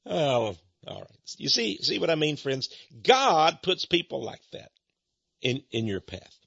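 A man's voice: on the high side, sing-song, a little slow, gravelly, fairly bright tone, husky, no room sound, lo-fi sound. A man preaching to his viewers as an evangelist minister, earnest and rambling, often repeating words and restarting sentences.

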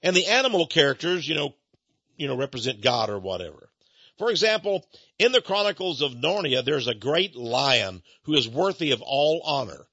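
A man's voice: mid-range voice, normal speed, husky, dry recording, dull audio. A man preaching an impassioned sermon, talking straight to his listeners with rhetorical questions. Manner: animated, rhetorical, addresses listeners directly.

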